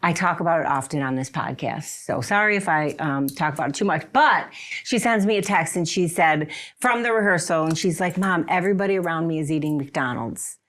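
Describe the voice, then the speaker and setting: Lively woman podcast host telling stories. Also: deep voice, brisk. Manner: lively storyteller who acts out quoted voices. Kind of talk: casual podcast chat.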